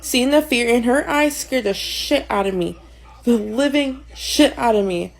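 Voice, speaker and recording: A woman's voice: on the high side, a little slow, gravelly, low-quality recording. A woman, a mother, telling a spooky story dramatically and expressively. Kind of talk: casual storytelling.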